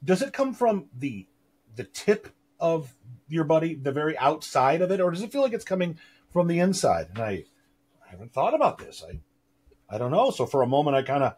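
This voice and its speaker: A man on a podcast, rambling in casual chat, halting and restarting, with a mock-formal tone. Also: fairly high pitch, a little mellow, breathy edge. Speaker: podcast co-host.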